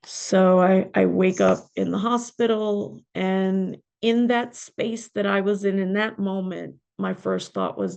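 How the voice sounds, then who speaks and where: A middle-aged woman, a podcast guest and spiritual mentor, telling a personal story in an emotional, halting way. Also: medium pitch, expressive, gravelly, a little mellow. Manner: emotional, halting, with pauses and fillers.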